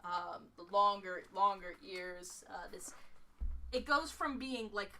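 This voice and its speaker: A woman running a tabletop game as game master, describing scenes haltingly with many fillers. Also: medium pitch, expressive, bright, forceful tone. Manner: halting, lots of fillers, laughs easily.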